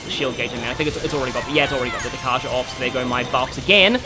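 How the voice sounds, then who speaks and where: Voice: mid-range voice, steady tone, very fast. A let's-play host giving chatty commentary, exasperated at a tough boss fight. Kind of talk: gameplay commentary. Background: game music.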